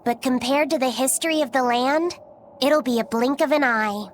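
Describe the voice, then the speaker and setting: An actress voicing a gentle, earnest young boy in a video game, speaking softly and politely. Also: high-pitched, moderate pace, slight background noise, lightly acted. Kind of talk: game voice acting.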